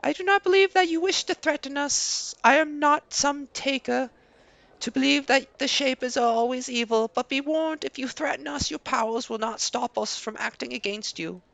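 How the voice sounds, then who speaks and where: A man's voice: very high voice, normal speed, vocal fry, fairly bright tone, no room sound, voice pushed up, full character voice. A man voicing a wary male servile villager in a fantasy game, speaking in a stiff, formal, warning way.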